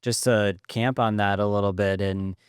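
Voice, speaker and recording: A man's voice: lowish voice, steady tone, moderate pace, smooth, dry recording, studio quality. A man hosting a podcast interview, talking reflectively with some hesitations. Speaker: podcast host. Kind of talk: interview chat.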